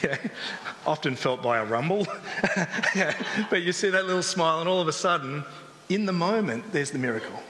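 A man's voice: fairly high pitch, expressive, fairly quick, pushed and bright. A man preaching a sermon in a joking, conversational way, acting out the voices of people who complain. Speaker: pastor. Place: church service hall. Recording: echoey live church hall.

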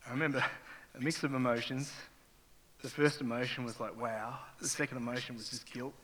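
A man's voice: medium pitch, fairly even intonation, fairly quick, a bit bright. A middle-aged man, preaching a sermon as a pastor and telling a raw, emotional personal story. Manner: raw, emotional testimony with rising intensity. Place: church hall. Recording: long reverb of a large hall.

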